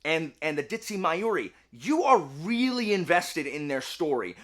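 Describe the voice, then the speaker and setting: A young man giving a casual, chatty review, full of fillers and animated retellings. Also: a little high, unhurried. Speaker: book and game reviewer.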